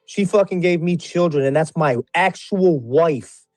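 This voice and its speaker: A man on a livestream panel in a heated, profane rant. He stumbles and repeats himself, and his voice climbs when he shouts. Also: fairly high pitch, unhurried, dry recording. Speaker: panel guest.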